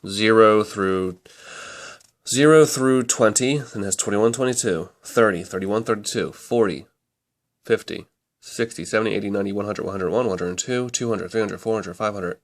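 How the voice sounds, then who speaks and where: Casting: low-voiced man, relaxed rambling reviewer, talks things through out loud. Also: a little fast. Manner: chatty, rambling, self-correcting. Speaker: book reviewer. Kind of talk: casual book review to camera.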